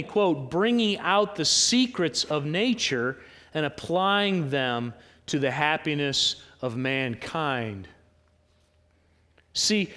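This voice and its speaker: A man preaching a sermon as pastor, conversational and animated, asking the congregation rhetorical questions. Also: sits high, in a large hall. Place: church sanctuary with congregation.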